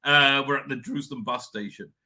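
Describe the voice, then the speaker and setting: A man's voice: medium pitch, fast talker, bright, forceful tone. A middle-aged man from England, hosting a casual livestream from his home office in a rambling, chatty way full of fillers and restarts. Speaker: livestream host.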